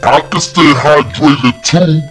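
A man putting on a booming Santa. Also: faint music behind. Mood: demanding. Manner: loud, bellowing and slow. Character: booming jolly male Santa Claus.

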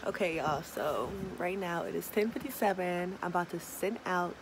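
A young woman vlogging casually, talking, swinging between murmured asides and excited squeals. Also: on the low side, moderate pace, hardly any pauses, noisy background. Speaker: small business owner launching an online store. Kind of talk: casual vlog chat.

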